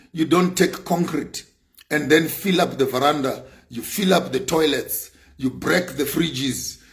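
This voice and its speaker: Emphatic gravelly man. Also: fairly high pitch. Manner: repetitive and emphatic, building to raised bursts. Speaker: speaker on sanctions. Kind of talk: impassioned speech.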